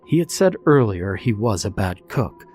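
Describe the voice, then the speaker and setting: Male narrator for bedtime horror, low, steady and calm, faint music bed. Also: moderate pace. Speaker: storyteller.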